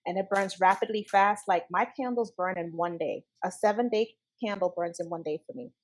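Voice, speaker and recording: A woman's voice: medium pitch, normal speed, poor audio. A woman guest speaking earnestly in a spiritual interview, stressing her points by repeating key phrases. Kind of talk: casual spiritual conversation.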